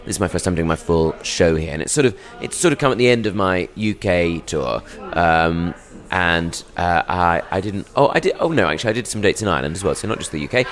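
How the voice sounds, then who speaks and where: A man's voice: low-pitched, lively intonation, fairly quick, few pauses, a bit bright. A young British man, a touring stand-up comedian, chatting in a rambling, self-deprecating way in a podcast interview. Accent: British English. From England.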